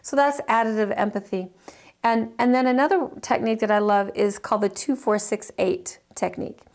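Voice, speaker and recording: A woman's voice: a little high, brisk, a little mellow. A middle-aged woman teaching counseling skills in a chatty, informal way, acting out sample dialogues with many fillers and restarts. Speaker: counseling instructor.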